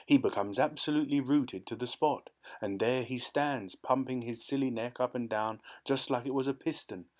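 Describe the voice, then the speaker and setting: A man's voice: medium pitch, lightly acted. A man voicing a sly middle-aged male country poacher who talks in an eager, conspiratorial way, in a storybook reading.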